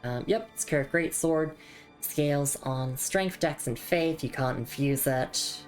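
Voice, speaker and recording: A young Australian woman streams a game in a loose, chatty way, tripping over and repeating her words. Her Australian voice sits very low. Faint game music plays behind her. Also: slow. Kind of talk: casual live game commentary.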